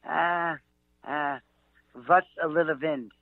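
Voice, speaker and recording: A man voicing an elderly man who is gruff and dismissive and calls the listener son, shrugging and world-weary, over a tinny phone-like line. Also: a little high, steady tone, takes it slowly, dry recording.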